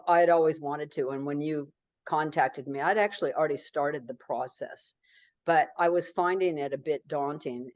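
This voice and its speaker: A woman's voice: low-pitched, darkish tone, no room sound. A middle-aged woman author talking casually in an interview, rambling with many fillers and restarts.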